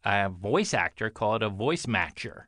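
A man's voice: on the low side, big pitch swings, moderate pace, sharp tone, no echo. A man in casual chat, teasing his co-host and laughing often.

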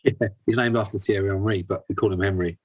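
A young man and father of two, a guest on a casual video-call interview, relaxed and rambling with many fillers. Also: on the low side, fast, slight background noise.

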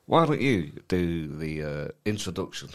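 A man's voice: deep voice, very animated, a little slow. An English man co-hosting a casual comedy podcast, teasing and cheeky with mocking jokes. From England. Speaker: co-host.

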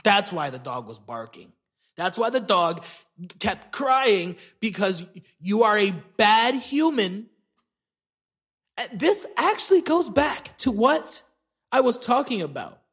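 A man with a very high voice hosts a solo comedy podcast. He rants with heavy profanity and indignation. His delivery is slow and drawn out. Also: big pitch swings, a bit bright, breathy edge. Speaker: podcast host.

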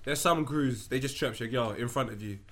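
A man's voice: medium pitch, brisk, fairly bright tone. A man, co-hosting a podcast and telling stories in street slang. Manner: laid-back storytelling in street slang. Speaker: podcast co-host. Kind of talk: casual chat.

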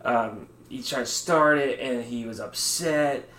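A man's voice: mid-range voice, unhurried, fairly bright tone. Man, podcast guest, blunt and profane, echoey room. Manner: blunt, swears freely, laughs at own rants. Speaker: podcast guest, cancer survivor. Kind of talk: casual podcast chat.

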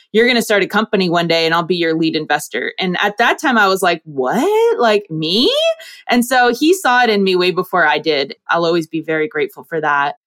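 A woman in her thirties, a guest investor, talking in a chatty, animated way in an interview. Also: fairly low pitch. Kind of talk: casual interview talk.

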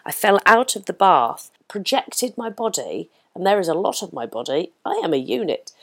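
Casting note: English woman host, chatty and crude, swooping pitch, dry close sound. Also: big pitch swings, normal speed, creaky, fairly bright tone, no echo. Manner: bawdy, exclaiming, laughing at her own jokes. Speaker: podcast host reading listener messages. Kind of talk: casual comedic chat. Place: hotel room.

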